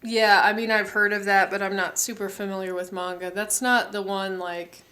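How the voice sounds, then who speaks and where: A woman co-hosting a podcast, chatting casually and tossing in quick asides and tangents. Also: mid-range voice, flat delivery, pushed and bright. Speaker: podcast co-host. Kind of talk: casual chat.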